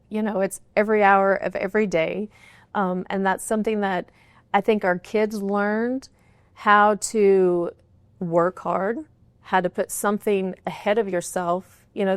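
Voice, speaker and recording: In a studio, a middle-aged woman who is a horse trainer's wife and business partner answers interview questions as a guest, earnest and candid, often saying "you know." Her voice is medium-pitched, with no echo.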